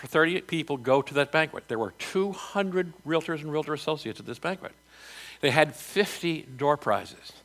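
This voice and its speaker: A man's voice: mid-range voice, a bit bright. A middle-aged man, a minister, teaching a live lesson to a church audience in a conversational, plain-spoken way with frequent restarts.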